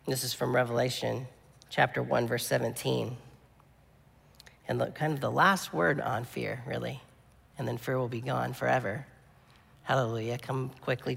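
A man preaching a sermon with earnest emphasis, swinging between strong peaks and quiet, low passages. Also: steady tone, a little slow, gravelly, long pauses, husky, big-room sound. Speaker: pastor.

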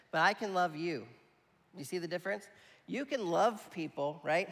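Guy preaching a sermon, kinda high voice with lots of gravel, keeps asking the crowd "right?", long hall echo. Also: moderate pace, a bit bright. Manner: conversational preaching, checks in with the audience. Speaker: pastor.

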